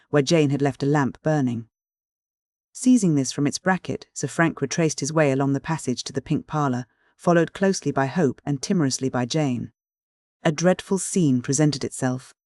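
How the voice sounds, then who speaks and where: An audiobook reader giving a steady, even narration of a classic mystery novel. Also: mid-range voice, dry recording, studio quality. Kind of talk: scripted narration.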